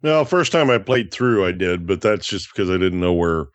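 A man's voice: sits low, animated, normal speed, dry recording. Male co-host, plain explainer tone, dry sound. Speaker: game podcast co-host. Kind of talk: casual gameplay commentary.

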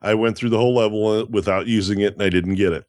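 A man's voice: fairly low pitch, fairly even intonation, quick pace, a little mellow, dry recording. A man co-hosting a casual gaming show, matter-of-fact as he explains achievements. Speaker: game podcast co-host. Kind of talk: casual gameplay commentary.

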